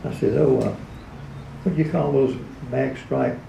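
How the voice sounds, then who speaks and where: A man's voice: mid-range voice, unhurried, gravelly, dark tone, muffled recording, a little hiss or hum. A man telling folksy, chuckling stories at a live event and slipping into character voices now and then. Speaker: radio personality telling stories. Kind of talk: anecdotal storytelling at a live event. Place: event hall. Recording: echoey room, recorded from far off.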